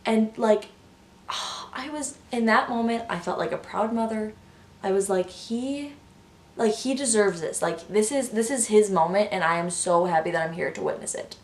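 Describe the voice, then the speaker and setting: A young woman telling a story in a casual vlog, gushing and excitable, full of "like". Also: medium pitch, brisk. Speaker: vlogger. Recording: echoey room.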